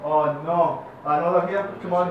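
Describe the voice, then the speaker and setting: A man's voice: sits high, steady tone, lo-fi sound. A man interviewing a band in a music club, joking and teasing in a casual, playful way. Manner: teasing, playful, quick with quips. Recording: roomy club with faint background hum.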